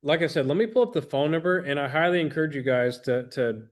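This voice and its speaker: His voice is on the high side and he talks fast. In his thirties and working as a business trainer, he delivers an earnest but rambling motivational talk to an audience, restarting often and acting out quotes.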